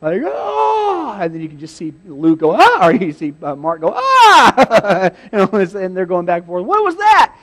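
A male pastor giving a sermon, telling a Bible story in a lively, humorous way. He laughs often and acts out scenes with sudden shouts. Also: a little high, quick pace, few pauses.

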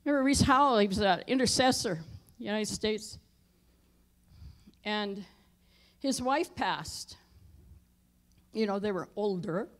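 A middle-aged woman pastor telling a personal story in a sermon, dropping her voice low for tense moments and rising loud for emphasis. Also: slow pace, long pauses. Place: church sanctuary.

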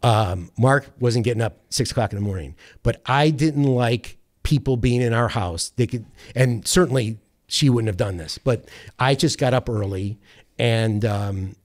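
A man's voice: medium pitch, measured pace. A man, a sports radio producer, telling a long anecdote in casual chat, rambling with restarts. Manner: rambling, animated anecdote with quoted voices and self-corrections. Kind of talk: casual storytelling.

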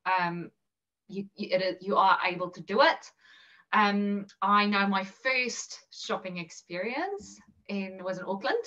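A woman's voice: medium pitch, expressive, slow pace, bright, forceful tone, recorded from a distance, dull audio. A woman from South Africa with an Afrikaans-tinged accent, chatting casually as an interview guest with lots of ums and little laughs. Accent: Afrikaans-influenced South African English. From South Africa, Bloemfontein. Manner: chatty and self-deprecating, many ums and laughs.

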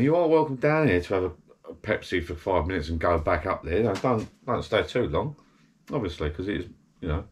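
Deep-voiced tipsy man rambling. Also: big pitch swings, fast, husky. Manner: rambling, chatty, self-interrupting. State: slightly tipsy. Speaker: vlogger. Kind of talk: casual rambling chat to camera. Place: small garden shed bar, indoors. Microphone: camera.

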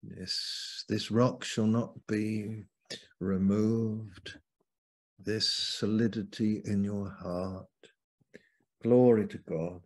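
A man preaching as a Bible teacher over a video call, slow and fervent, leaning hard on key words. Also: fairly low pitch, fairly even intonation, darkish tone.

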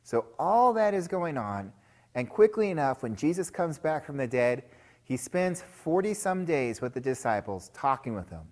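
Man, children's chapel sermon, storytelling, slightly high voice, very lively pitch. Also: moderate pace. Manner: storytelling, addresses listeners as guys. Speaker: chapel speaker for school children.

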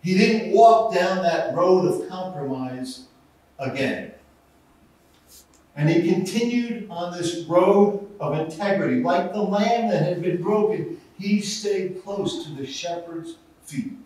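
A man preaches from the pulpit, telling a story with animated delivery. His voice sits a little high and comes from some distance, caught in a very echoey sanctuary with a faint hiss of noise underneath. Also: slow. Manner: storytelling with acted-out voices and rising intensity. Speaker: pastor. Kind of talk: sermon. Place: church sanctuary.

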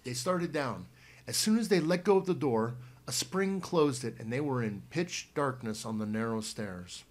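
Husky man reading a children's book aloud. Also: mid-range voice, expressive, moderate pace. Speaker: reader.

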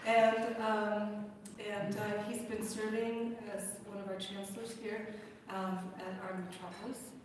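A woman's voice: medium pitch, little pitch movement, unhurried, few pauses. A woman hosting a parish event, introducing the speaker in a chatty way with many fillers. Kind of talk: informal introduction. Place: large echoey church hall. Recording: echoey hall from far off, noisy.

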